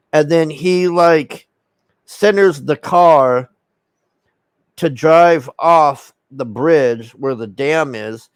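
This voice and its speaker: A man's voice: on the high side, smooth, no echo. A man casually recapping a film's plot in a rambling, profane way, acting out the characters' lines. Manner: rambling and profane, with many fillers and acted-out quotes. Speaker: film reviewer.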